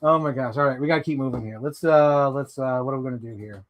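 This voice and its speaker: A man hosting a live stream, chatting casually about toys and podcasts in a profane, animated, rambling way. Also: medium pitch, fast talker.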